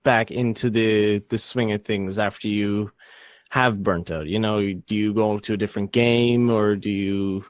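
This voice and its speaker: A man co-hosting a gaming podcast, asking and musing in a thoughtful, halting way. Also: on the low side, steady tone, dry recording. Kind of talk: casual chat.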